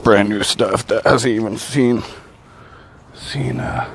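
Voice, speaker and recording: A man in a casual vlog, talking in a rambling, excitable way and often saying dude. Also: fairly low pitch, slow, vocal fry, slight background noise. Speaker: vlogger.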